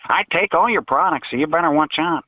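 A man's voice: a little high, fairly quick, dry recording, close to an everyday voice. A man calling in with a brash, cartoonish put-on voice, taunting and boasting. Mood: boastful. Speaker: caller. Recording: tinny phone line.

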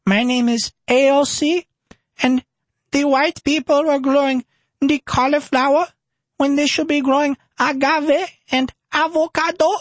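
A man putting on a mocking caricature of a foreign accent, pitched up and exaggerated. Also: steady tone, measured pace, dry recording. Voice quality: exaggerated high, heavy mock accent.

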